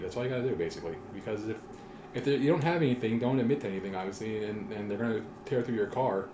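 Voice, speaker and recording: A man's voice: lowish voice, racing. A man chatting casually as a podcast co-host, blunt and swearing freely. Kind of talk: casual chat. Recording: echoey room with clear background noise.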